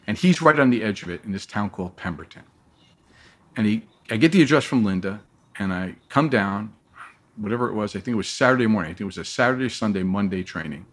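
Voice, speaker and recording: This guest is a fast-talking man with a lowish voice. Being interviewed, he spins a long story about his own life with energy, impersonating the people he quotes.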